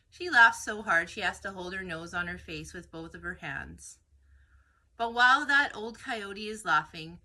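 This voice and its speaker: A woman's voice: on the low side, pushed and bright. A woman reading a story aloud in a folksy, conversational way.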